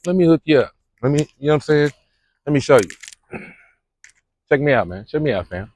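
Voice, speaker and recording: A man's voice: mid-range voice, lively intonation, quick pace, no echo. Slangy, rambling young man from Kentucky. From Louisville, Kentucky. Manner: slangy, loose and rambling, lots of fillers. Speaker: vlogger. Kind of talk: casual vlog chat. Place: outdoors at a spring.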